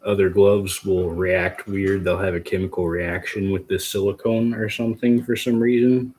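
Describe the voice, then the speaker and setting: Hosting a laid-back livestream tutorial on making agar at home, this man chats with viewers and rambles in a goofy way while he works. His low, somewhat mellow voice moves at a moderate pace with fairly even intonation, and there's a bit of background noise.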